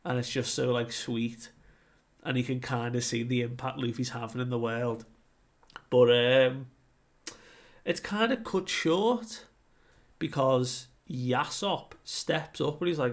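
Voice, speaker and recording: A young man recapping and commenting on a comic chapter in a relaxed, chatty way, full of "like". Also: medium pitch, slow. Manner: relaxed, filler-heavy retelling with frequent "like". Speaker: manga reviewer.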